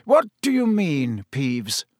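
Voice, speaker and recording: A man voicing a calm, grave elderly headmaster with a measured way of speaking in a storybook reading. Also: fairly high pitch, dry recording, studio quality, exaggerated voice.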